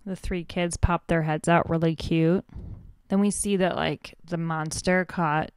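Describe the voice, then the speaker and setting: A woman's voice: on the low side, steady tone, unhurried, clear, resonant tone, no room sound. A woman guest-hosting a podcast, giving a flippant, rambling comic recap of a cartoon episode, full of "like".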